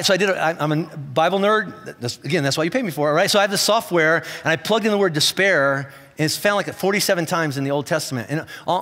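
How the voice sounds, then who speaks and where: A man preaches to his congregation in a loose, conversational style, stumbling over restarts as he presses his point. His voice sits a little high for a man. The sound rings with the long reverb of a church hall. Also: a bit bright. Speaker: pastor. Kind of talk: sermon. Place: church auditorium.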